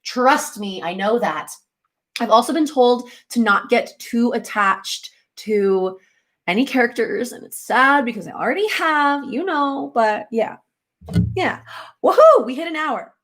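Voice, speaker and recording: A woman's voice: fairly high pitch, measured pace. Chatty young woman hosting a livestream. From United States. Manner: chatty, animated, laughs often. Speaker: livestream host. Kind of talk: casual livestream chat with viewers.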